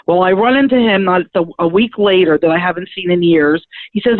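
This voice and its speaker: A middle-aged woman, a spiritual medium and guest, telling her story in a lively, chatty way and acting out the conversations in it. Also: lowish voice, a little fast, hardly any pauses, no echo. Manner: lively, chatty, acts out the dialogue in her stories. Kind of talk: animated personal storytelling. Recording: thin phone-like dry sound.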